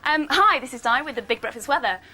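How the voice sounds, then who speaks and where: A woman's voice: sits high, expressive, fast talker, heavy background noise. A woman in her twenties from Manchester, giving a bubbly mock weather report as a contest entry. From England, Manchester. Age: 20s. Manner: bubbly, upbeat.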